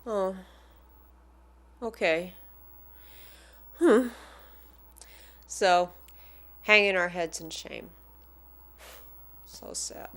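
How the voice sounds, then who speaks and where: A woman casually telling a personal anecdote as a fan, animated and acting out the people she quotes. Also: mid-range voice, drawn-out words, pauses often. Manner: animated, acts out the voices of the people in her story.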